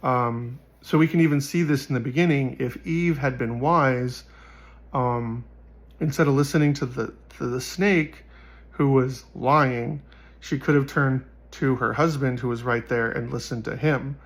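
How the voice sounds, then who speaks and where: Casual Bible teacher, man, hoarse and gravelly, fast and rambling. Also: medium pitch. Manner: quick, rambling, many fillers. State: hoarse from sickness.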